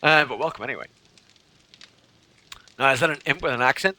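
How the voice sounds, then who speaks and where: Bright, lively male game streamer. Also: fairly high pitch, moderate pace. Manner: reads chat aloud and thanks followers, joking. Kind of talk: casual live-stream chat.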